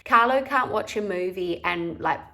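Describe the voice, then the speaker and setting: A woman's voice: on the low side, lively intonation, moderate pace, creaky, pushed and bright. A woman in her thirties with an Australian accent, chatting candidly and breezily to the camera in a home vlog. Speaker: vlogger. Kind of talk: casual vlog chat.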